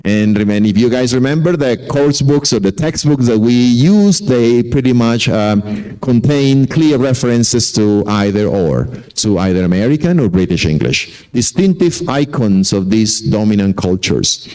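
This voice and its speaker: A man's voice: medium pitch, animated, normal speed, few pauses, dark tone, poor audio. A man lecturing to teachers, telling anecdotes and often repeating and correcting himself. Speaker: conference speaker.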